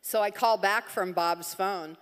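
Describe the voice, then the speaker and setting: A woman's voice: medium pitch, unhurried, smooth, in a large hall. A woman giving a personal testimony on a church stage, telling her story with laughs and acted-out quotes.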